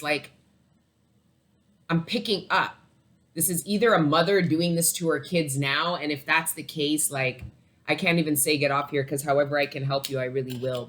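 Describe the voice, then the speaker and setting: A woman's voice: very deep voice, fairly bright tone. A woman giving a casual tarot reading to her viewers, rambling and emotional, swearing freely and laughing between thoughts. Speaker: tarot reader.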